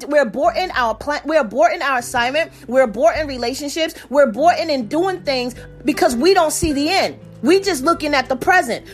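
A woman preaching a fervent sermon and prayer, repeating declarations over her listeners. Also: high-pitched. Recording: faint music behind.

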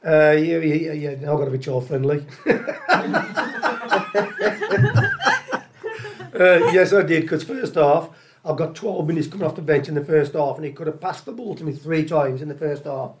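An older man, guesting on a podcast and telling stories in a loose, animated way. He repeats himself as he builds each story, and his voice sits a little high for a man. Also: measured pace, a little hiss or hum. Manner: animated, repeats phrases, lots of uh and you know what I mean. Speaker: guest, former footballer. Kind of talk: casual anecdotal storytelling.

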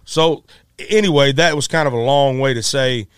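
A middle-aged man, a musician, telling a story in a casual, animated way, acting out quotes with many restarts. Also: medium pitch, moderate pace, clean tone, no room sound, clean studio sound.

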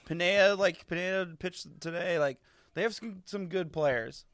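A man's voice: sits high, moderate pace, fairly bright tone, dry recording. Young male sports podcast co-host, blunt and profane, recorded dry. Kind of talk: casual sports chat.

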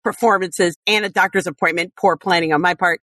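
A woman in casual podcast conversation, chatty, animated and quick to laugh. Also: lowish voice, dry recording, studio quality.

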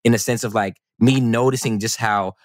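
Animated rambling man, dry close mic. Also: mid-range voice, moderate pace, no echo. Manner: animated, rambling, many restarts and fillers. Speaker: podcast co-host. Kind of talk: casual podcast conversation.

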